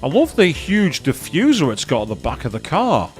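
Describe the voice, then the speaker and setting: A man chatting excitedly as he commentates his own racing game play, thinking aloud to viewers. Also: fairly high pitch, moderate pace, hardly any pauses. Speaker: gaming streamer. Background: game music and engine sounds.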